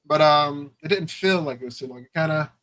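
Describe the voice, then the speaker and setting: A man's voice: a little high, fairly quick, fairly bright tone, poor audio. A man co-hosting a podcast, talking in a laid-back, slangy way and laughing often. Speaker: podcast co-host. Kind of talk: casual chat.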